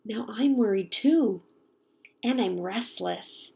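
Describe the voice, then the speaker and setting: Woman, children's story read-aloud, expressive, coaxing, asks listeners questions, gravelly. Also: mid-range voice, slow. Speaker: teacher reading aloud.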